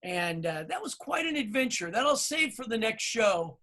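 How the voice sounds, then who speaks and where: A man's voice: high-pitched, moderate pace. A middle-aged man co-hosting a podcast over a video call, telling stories and acting out what others said. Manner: storytelling, animated quoting of others. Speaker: podcast co-host.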